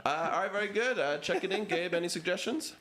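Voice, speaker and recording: A man's voice: high voice, fast talker, fairly bright tone. A man hosting a live improv stream, casually explaining the rules of a game with plenty of fillers.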